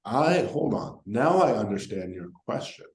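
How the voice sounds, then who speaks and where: A man's voice: mid-range voice, big pitch swings, a little mellow. Decisive male interview guest, roomy sound. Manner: brief, decisive answers, then thinks aloud with pauses. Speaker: guest, mathematician. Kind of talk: casual interview answers.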